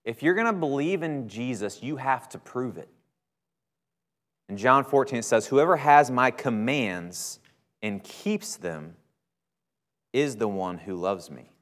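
A man's voice: medium pitch, animated, unhurried, long pauses, a bit bright. A man who is a minister preaching a sermon in a chatty, conversational way, punching key words and often checking in with "right?". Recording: long hall reverb.

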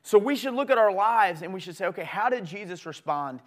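A middle-aged man preaching a sermon as pastor, earnest and conversational, with lively swings in pitch and loudness. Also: a little fast.

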